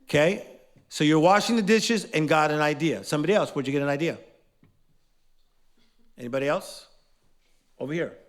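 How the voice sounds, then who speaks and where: High-voiced man leading a lively class. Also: normal speed, long pauses. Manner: energetic, playful, quizzes the audience. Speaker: motivational teacher. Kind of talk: live motivational class with call-and-response. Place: class in front of a live audience.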